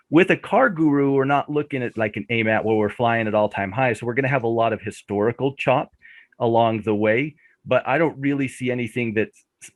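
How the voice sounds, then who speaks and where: A man on a trading show presenting chart setups in a relaxed, step-by-step way with friendly banter. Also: fairly low pitch, no room sound. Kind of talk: casual chart analysis chat.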